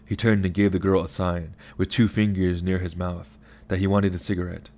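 A man narrating a short story in an even, unhurried audiobook style. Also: low-pitched.

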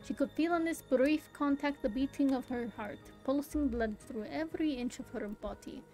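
This young woman streamer has a high-pitched, mellow voice and reads a game's story theatrically at a moderate pace. She interrupts the narration now and then with giggly, amused asides. The audio is poor, with faint music in the background.

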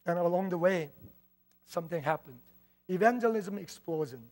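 A man from southern Korea with a southern Korean accent, a native Korean speaker, preaching a sermon as pastor in an earnest storytelling manner that moves between loud and hushed. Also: high voice, lively intonation, moderate pace.

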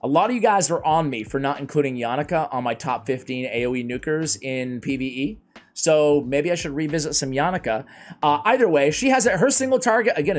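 Male game-guide host, slightly high voice, loose and self-mocking, conversational commentary. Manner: chatty, self-deprecating, rambling asides.

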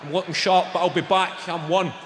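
A man's voice: high voice, fairly even intonation, brisk, background noise. A man with a Scottish accent doing brash, sweary stand-up comedy, mocking the crowd. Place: large comedy venue, on stage. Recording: live hall, roomy and reverberant. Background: audience laughter.

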